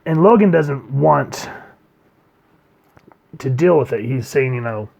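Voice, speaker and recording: A man reviewing a comic book in casual chat, rambling and trailing off quietly at the ends of his sentences. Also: animated, slow, creaky. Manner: rambling, trails off quietly at line ends, reads quotes in a low murmur.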